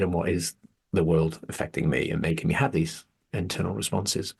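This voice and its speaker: With a deep, steady voice at normal speed, marked by vocal fry and breathiness, a male podcaster in his 40s chats openly and sincerely, letting curses slip when worked up.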